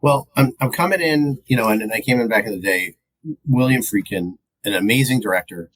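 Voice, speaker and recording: A man co-hosting a podcast, giving a rambling, animated film review and acting out movie lines. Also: fairly low pitch, fairly quick, a little hiss or hum, poor audio. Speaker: podcast co-host. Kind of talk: casual film review chat.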